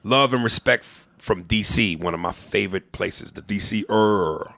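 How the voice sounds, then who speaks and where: A man hosting a comedy podcast, talking in a profane, animated way and breaking into impressions. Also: lowish voice, moderate pace, vocal fry, no room sound. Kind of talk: casual comedy podcast chat.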